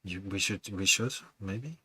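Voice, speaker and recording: A man with a low voice and a bright, forceful edge chats casually to his viewers as a music producer. He rambles, laughs often and thinks out loud. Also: unhurried, husky. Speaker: music producer streaming to chat. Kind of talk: casual chat with livestream viewers.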